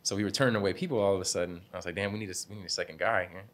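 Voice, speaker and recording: A young man with a very low, deep voice tells stories from his barbershop in a relaxed interview. He talks loosely with slang, laughs easily and slips into the voices of people he quotes. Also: rapid-fire, a little hiss or hum. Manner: laid-back, laughing, slangy, acts out quotes. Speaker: barbershop owner, guest. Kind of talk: casual interview storytelling.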